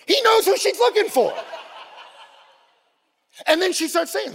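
Man, high voice, animated sermon, playful storytelling, long hall reverb. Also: fairly quick. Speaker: pastor.

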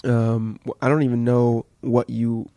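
A man's voice: medium pitch, flat delivery, a little slow, mellow, dry recording. A man hosting a podcast, talking loosely with an old friend and swearing freely. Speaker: podcast host. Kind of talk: casual conversation with a friend.

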